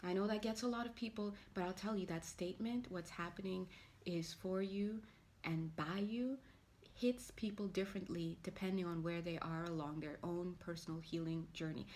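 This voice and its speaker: A woman's voice: fairly low pitch, steady tone, normal speed, a little mellow. A woman giving a casual spiritual tarot reading, rambling and chatty, with playful asides and acted-out quotes. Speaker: tarot reader.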